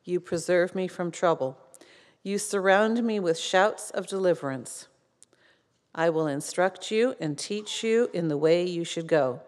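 A woman reading a psalm aloud in church, slow and measured. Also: fairly low pitch. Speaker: scripture reader. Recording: long church reverb.

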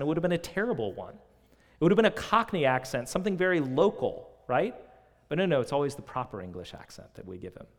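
A man preaching a sermon, earnest and full of rhetorical questions, swinging between loud emphasis and quiet. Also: a little high. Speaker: pastor. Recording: long reverb of a large hall.

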